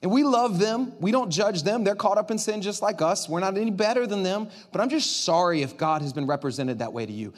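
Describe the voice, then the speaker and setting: A male pastor preaching a sermon in an animated, conversational way, swinging from loud to quiet. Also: high-pitched, fairly quick, hardly any pauses.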